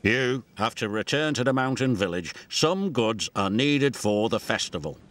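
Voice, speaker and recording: A man's voice: mid-range voice, animated, normal speed, fairly bright tone, close to an everyday voice. A man voicing a stern male railway boss in a cartoon, authoritative and formal. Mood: firm. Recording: music score behind.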